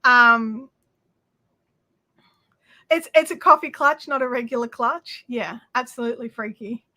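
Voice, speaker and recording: A woman with an Australian accent hosts a craft livestream from home. Her voice sits high and bright, with plenty of crispness. She chats effusively to her viewers and reads out their comments, her talk full of fillers and restarts. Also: unhurried. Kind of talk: casual chat reading viewer comments.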